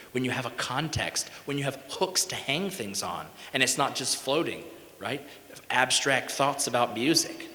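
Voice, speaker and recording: A man's voice: medium pitch, a bit bright. Folksy man lecturing in an echoey hall. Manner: folksy, emphatic, peppers points with "right?". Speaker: music educator giving a conference talk. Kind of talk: conference lecture with sung examples. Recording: echoey hall with long reverb.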